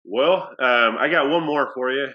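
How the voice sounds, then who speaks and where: A man's voice: mid-range voice, moderate pace, muffled recording. A man working as an athletic director, telling a story casually with many fillers and restarts.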